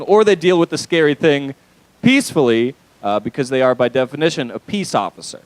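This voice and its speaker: A man's voice: medium pitch, lively intonation, brisk, no room sound, poor audio. Rambling young man doing stand-up. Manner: loose, rambling delivery with frequent fillers and crude asides. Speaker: stand-up comedian. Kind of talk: stand-up comedy set. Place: comedy club stage.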